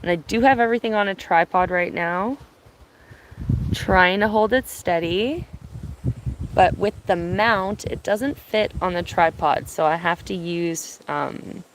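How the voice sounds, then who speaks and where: A woman from Ontario chatting casually on an outdoor live stream, speaking softly, answering viewers and laughing easily, filming on her phone. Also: fairly low pitch, unhurried, noisy background. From Ontario, Canada. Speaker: live-streaming bird watcher. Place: outdoors at a cottage. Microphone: phone on binoculars, held by hand.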